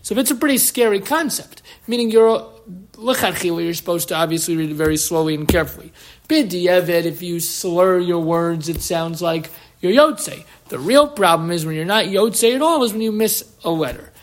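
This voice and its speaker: A man teaching a class on Jewish law who slurs his L sounds and talks in a quick, animated way, posing questions and answering them himself. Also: high-pitched. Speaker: Torah teacher.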